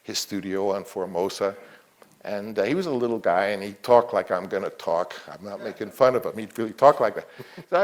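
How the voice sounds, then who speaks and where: A man's voice: on the low side, a little fast. A man, a film director, talking reflectively in an interview, rambling with many restarts.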